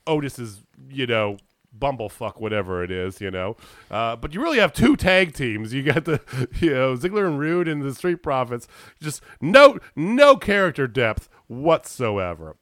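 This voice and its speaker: A man in casual chat about wrestling, ranting in an animated way and swearing freely. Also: mid-range voice, moderate pace, dry recording, clean studio sound. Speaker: podcast co-host.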